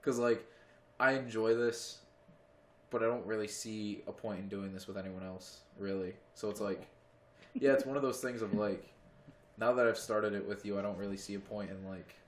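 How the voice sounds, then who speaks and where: A man with a voice on the low side and fairly even intonation co-hosts a casual podcast at a moderate pace. The audio, made at a friend's home, is reverberant with slight background noise, and his talk rambles, peppered with "like" and frequent swearing.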